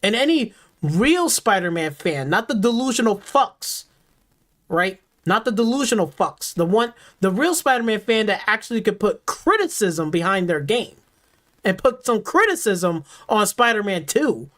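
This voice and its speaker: With a fairly bright, high voice that swings widely in pitch, this gaming streamer talks at a moderate clip. He's furious, and his reaction commentary is a repetitive, profanity-packed rant.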